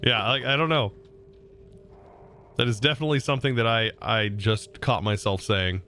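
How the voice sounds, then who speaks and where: A man's voice: lowish voice, fairly even intonation, moderate pace, long pauses, pushed and bright. A man with a Southern US accent chatting casually on a live game stream, reading chat aloud and laughing often.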